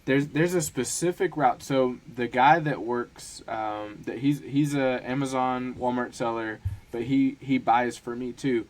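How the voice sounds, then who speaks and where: Halting, self-deprecating male podcast host. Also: medium pitch, steady tone, a little mellow. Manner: halting, self-deprecating, frequent restarts and laughter. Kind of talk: casual chat.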